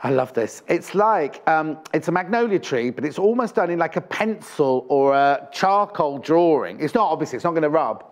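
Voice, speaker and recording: Man, shopping channel presenter, fairly high voice, chatty, jokey asides, live studio sales talk. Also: animated, normal speed, few pauses.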